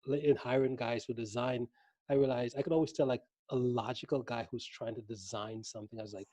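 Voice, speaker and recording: Husky, warm-voiced male interview host. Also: medium pitch, steady tone, fairly quick, dry recording. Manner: rambling, searching questions. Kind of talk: casual live-stream interview.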